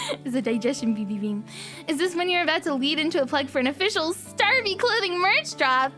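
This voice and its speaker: A young woman chatting on a livestream in a high, bright voice that bounces up and down a lot. She giggles often and repeats her own phrases. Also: lively intonation, normal speed, faint music behind. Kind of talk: casual chat with viewers.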